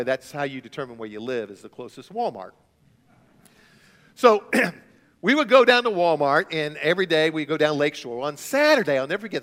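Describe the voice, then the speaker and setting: A man preaching a sermon as a student pastor, telling stories with big swings between quiet and loud. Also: on the high side. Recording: long hall reverb.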